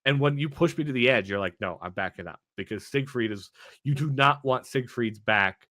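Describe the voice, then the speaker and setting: A man co-hosting a gaming podcast, telling relaxed stories and slipping into mock-formal asides. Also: mid-range voice, moderate pace, dry recording, clean studio sound. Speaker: podcast co-host. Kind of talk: casual chat.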